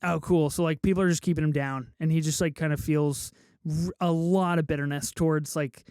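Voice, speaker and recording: A man's voice: fairly high pitch, steady tone, a little fast, a little mellow, smooth, no echo, clean studio sound. A man hosting a podcast in casual chat, steering the discussion and swearing casually. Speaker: podcast host.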